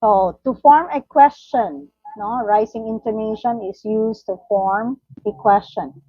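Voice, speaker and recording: A woman's voice: on the high side, a little slow, slightly rough, no echo, dull audio. A woman training teachers in an online session, explaining step by step and restating each point. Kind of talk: online in-service training lecture. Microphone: video call.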